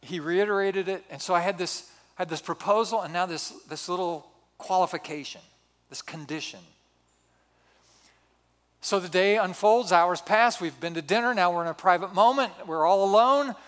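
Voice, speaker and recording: Older guy pastor telling a story, kinda high voice, joking at himself, big echoey hall. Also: normal speed. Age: 60s. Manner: animated, self-mocking humor. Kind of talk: sermon storytelling. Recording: reverberant hall.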